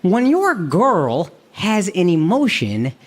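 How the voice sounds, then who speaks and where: A man's voice: sits high, huge pitch swings, slow pace. An American man in his thirties from Texas doing brash, profane stand-up comedy with crowd work, recorded live on stage.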